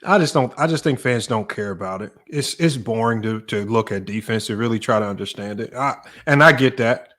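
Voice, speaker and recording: A basketball coach who also hosts a podcast argues sports casually in a lowish, slightly bright voice, talking fairly fast with few pauses. He's emphatic and tends to repeat words as he builds his case.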